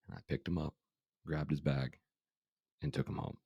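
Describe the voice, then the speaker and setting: A man's voice: extremely low pitch, fairly even intonation, moderate pace, creaky, warm tone, husky, no room sound, clean studio sound. A middle-aged man, a life coach guest on a podcast, telling a story casually and often saying "you know" and "right?".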